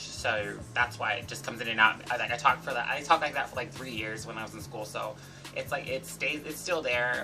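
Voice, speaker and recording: A man's voice: mid-range voice, normal speed, music in the background, rough recording. Sassy chatty young man, slight English lilt. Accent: American with a slight fading English lilt. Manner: chatty, sassy, with many "like"s and "you know"s. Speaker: regular member of a group vlog channel. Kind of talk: casual rant vlog.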